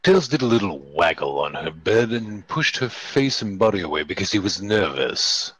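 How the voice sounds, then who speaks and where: A man hosting a comedic fanfic reading, narrating in a deadpan way and chuckling at the text. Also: fairly low pitch, moderate pace, slightly rough, dry recording, rough recording. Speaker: host and fanfic reader.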